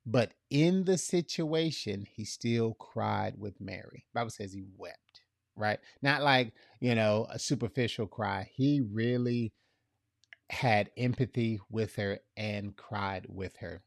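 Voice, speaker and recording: A male pastor delivers a sermon at an unhurried, deliberate pace. He talks conversationally and acts out the scripture dialogue, going quiet on tender lines and loud on emphatic ones. The recording is dry and close, with no room sound. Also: vocal fry, dry recording. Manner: drops soft and low for tender lines, rises loud for emphasis.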